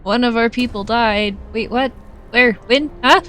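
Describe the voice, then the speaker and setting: A woman streaming a game, reading its text aloud and reacting with loud jokey asides. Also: fairly high pitch, a little slow, a little hiss or hum. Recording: faint game music behind.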